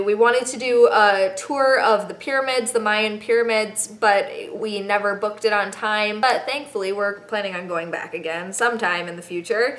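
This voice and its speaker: A woman's voice: on the high side, fairly bright tone, roomy sound. A young woman in her twenties giving travel tips in a chatty, playful vlog with emphatic asides. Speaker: vlogger.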